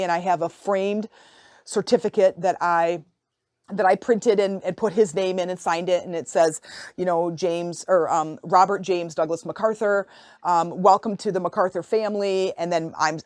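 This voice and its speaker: Expressive woman telling a personal story. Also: on the low side, no echo, clean studio sound. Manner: expressive, lively storyteller with sudden excited rises; conversational with fillers and restarts. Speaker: podcast host and life coach.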